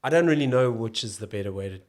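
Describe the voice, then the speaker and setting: A South African man, an actor and comedian, talking as a podcast guest in a thoughtful, halting way, often restarting his sentences. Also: mid-range voice, animated, a little mellow. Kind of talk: casual podcast conversation.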